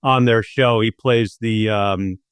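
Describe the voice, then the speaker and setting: A man's voice: on the low side, fairly even intonation, slow pace, clean tone, no echo. A man from southern India hosting a podcast, chatting in a rambling, teasing way full of ums and uhs. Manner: rambling, teasing, many fillers. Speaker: podcast host. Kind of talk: casual podcast chat.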